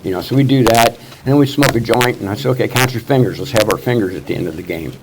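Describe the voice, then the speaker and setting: A man's voice: fairly low pitch, fast, low-quality recording. A man in his sixties from Missouri, telling his life story at a recovery meeting in a rambling, profane way, full of "you know" fillers. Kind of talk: casual storytelling testimony. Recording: loud background noise.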